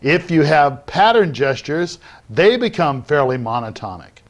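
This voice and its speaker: A middle-aged man giving a recorded lecture on public speaking, acting out loud, soft, fast and slow delivery as he explains it. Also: fairly high pitch, sing-song. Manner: demonstrates vocal techniques while teaching, varying loudness and pace. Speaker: debate lecturer.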